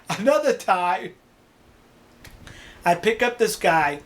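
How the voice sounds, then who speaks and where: Animated older New man. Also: high voice, slow pace, long pauses. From New York City. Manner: animated, laughs often, acts out dialogue. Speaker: storyteller. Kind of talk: casual storytelling.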